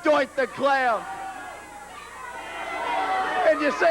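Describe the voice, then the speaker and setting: A man's voice: very high-pitched, normal speed, a bit bright, a faint crowd, slight background noise. A young man, cutting an arrogant, sneering wrestling promo. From Southern US.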